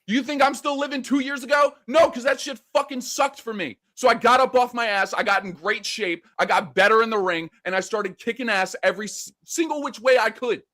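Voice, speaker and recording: A man's voice: high voice, a little fast, hardly any pauses, sharp tone. A man, a professional wrestler, trading in-character trash talk in a taunting, profane, lecturing way.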